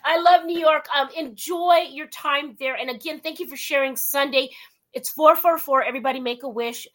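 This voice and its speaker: A woman's voice: high voice, normal speed, a bit bright. A woman from California hosting an interview, upbeat and affirming, with playful shifts in her voice. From West Covina, California. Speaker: show host.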